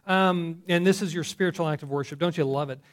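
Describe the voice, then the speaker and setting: A man's voice: fairly high pitch, quick pace. A man preaching a conversational sermon, often correcting himself and putting questions to the congregation. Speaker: pastor.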